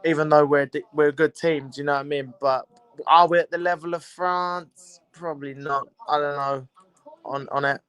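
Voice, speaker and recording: A man's voice: fairly high pitch, steady tone, normal speed, a bit bright, smooth, no echo. Chatty young man streaming. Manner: chatty, rambling, repeats himself, greets viewers. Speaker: livestream watchalong host. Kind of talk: casual live commentary chat.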